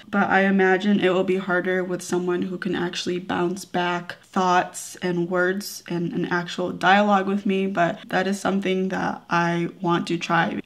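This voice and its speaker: A young woman beauty vlogger talking candidly and emotionally in a get-ready-with-me vlog, close to tears. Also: medium pitch.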